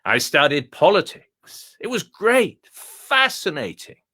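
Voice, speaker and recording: A man's voice: a little high, very animated, slow pace, bright, forceful tone, pitched above the performer's own voice, full character voice. A man voicing a clever, upper-class male talking dog with a plummy, self-satisfied manner. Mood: smug.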